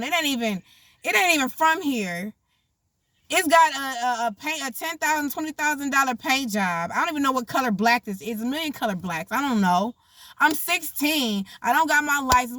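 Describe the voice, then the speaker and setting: A young woman telling a story casually, animated and profane, acting out the voices of the people in it. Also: sits high, no echo.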